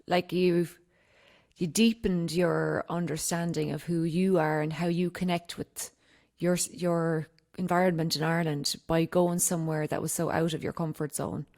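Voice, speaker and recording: A woman hosting a podcast interview, asking gentle and reflective questions. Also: lowish voice, vocal fry. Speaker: podcast host.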